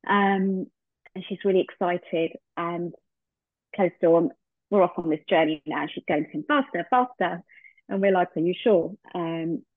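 A woman's voice: on the low side, moderate pace, no echo. A woman, a podcast guest, telling a heartfelt personal story and acting out the remembered dialogue. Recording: tinny phone-like line, dry.

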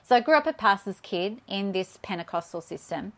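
A woman's voice: medium pitch, expressive, fairly quick. Australian woman, 30s, interview guest; candid, earnest, slightly nervous delivery. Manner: earnest, candid, at times shaky with nerves. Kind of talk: personal interview.

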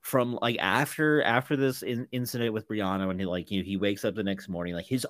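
A man's voice: fairly low pitch, steady tone, fairly quick, a bit bright, no room sound. A man co-hosting a podcast, recapping a film in casual chat with many fillers and restarts, sometimes acting out the characters' lines. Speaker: podcast co-host.

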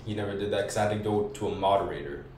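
A man's voice: lowish voice, very fast, slight background noise. Slangy young man, distant roomy mic. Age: young adult. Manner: slangy, profane, animated retelling. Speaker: podcast guest. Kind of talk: casual storytelling. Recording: roomy echo, distant mic, faint background.

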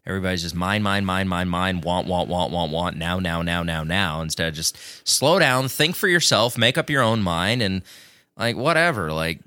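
Man, casual chat, lively bright voice, rambling and profane, dry room. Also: low-pitched, moderate pace, no room sound.

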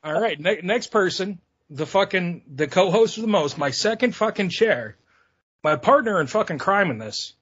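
A man hosts a podcast in crude, teasing casual chat, his speech thick with swearing. His voice sits a bit high and sounds husky, and the audio is muffled and lo-fi. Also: animated, moderate pace, fairly bright tone. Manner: profane, teasing, rambling. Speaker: podcast host.

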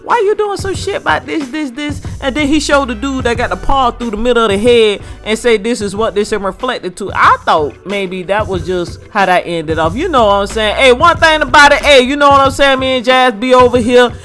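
A man with a Southern US accent riffs through a loose, casual podcast chat. His voice is bright and forward, and he talks in an animated way. Faint music plays under him. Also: very high-pitched, fairly quick, hardly any pauses. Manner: animated, peppers talk with "hey" and "you know what I'm saying". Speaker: podcast co-host.

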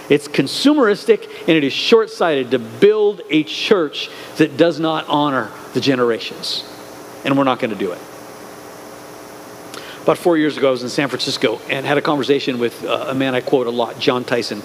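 A man preaching a sermon as pastor, earnest, swinging between emphatic lines and quiet asides. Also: fairly high pitch, a little hiss or hum.

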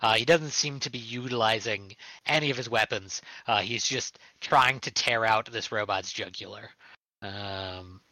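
A man's voice: on the low side, unhurried, pushed and bright, dry recording, low-quality recording. A man narrating a tabletop game as game master, rambling with lots of fillers. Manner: rambling, full of uhs and likes.

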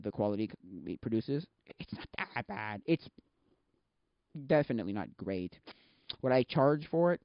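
A man's voice: medium pitch, no room sound, dull audio. A man hosting a solo podcast, chatting casually and rambling, often correcting himself and losing his thread. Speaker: podcast host.

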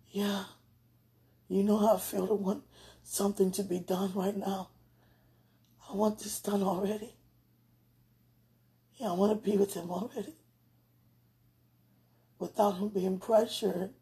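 A woman with a rough, gravelly voice and a very husky, breathy tone, speaking in casual spoken prayer and chat. Her talk rambles informally and swings between near-whispers and louder stretches. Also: medium pitch, flat delivery, a little slow, long pauses. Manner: rambling and informal, drifting between hushed and loud.

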